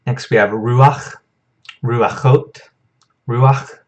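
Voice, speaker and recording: A young man teaching a casual vocabulary lesson in a relaxed, self-correcting way, chuckling at his own memory tricks. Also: mid-range voice, very slow, lo-fi sound. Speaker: Hebrew teacher.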